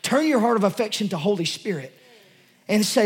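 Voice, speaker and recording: Preaching before his congregation at a church service, this pastor has a high-pitched, animated voice and a moderate pace. His sermon is emotional and passionate, delivered in a casual, conversational style full of restarts.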